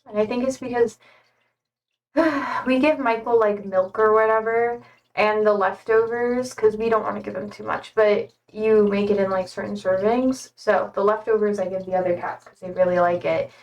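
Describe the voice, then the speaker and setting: A woman's voice: mid-range voice, steady tone, moderate pace, distant mic, rough recording. A young woman streamer chatting casually in a rambling way with many fillers. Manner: rambling, many fillers, talking to her cats. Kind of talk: casual chat.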